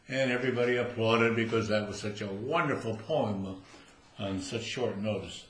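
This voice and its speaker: After a bridge game at a social club, an older man tells jokes as stories to the live audience, laughing at his own punchlines. He speaks in a medium-pitched voice at normal speed, with the room sounding spacious and slightly noisy.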